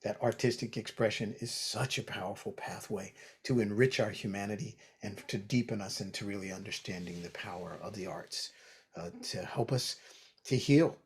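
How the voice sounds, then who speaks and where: A man hosting a talk, speaking earnestly, trailing off softly and stumbling over words. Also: on the low side, normal speed, slightly rough. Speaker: host.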